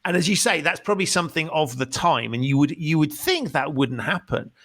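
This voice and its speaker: A man's voice: a little high, expressive, fairly quick, a bit bright, dry recording, studio quality. A man hosting a podcast, reflecting on his guest's points in conversational commentary. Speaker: podcast host. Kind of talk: conversational interview.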